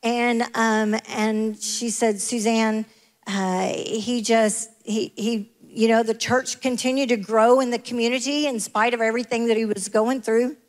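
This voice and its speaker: A woman giving an emotional missionary testimony as a sermon, rising at times to loud proclamation. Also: fairly high pitch, steady tone, unhurried. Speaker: missionary speaker. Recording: long hall reverb.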